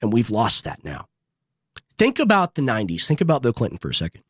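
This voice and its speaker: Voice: huge pitch swings, fast, breathy edge, no echo. Young host ranting fervently, dry studio. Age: young adult. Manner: fervent, preachy, repetitive rallying lines; big swings in pitch and loudness. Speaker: show host. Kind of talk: impassioned political monologue.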